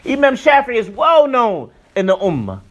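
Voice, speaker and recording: A man giving a religious lesson in a loose, conversational way with emphatic bursts. His voice sits high for a man. It swings widely in pitch as he presses his points. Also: moderate pace, lo-fi sound. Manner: animated, colloquial, emphatic preaching. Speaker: Islamic teacher.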